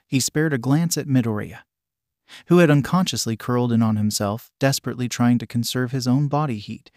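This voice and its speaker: A man narrating a fan fiction story in a flat, even reading voice that changes little between characters. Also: medium pitch, brisk, dry recording, studio quality.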